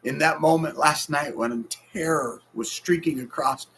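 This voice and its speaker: A man in his forties preaching a heartfelt sermon, swinging between loud bursts and hushed, near-whispered lines. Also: a little high, measured pace, gravelly, a little hiss or hum. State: sleepless and stressed. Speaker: pastor.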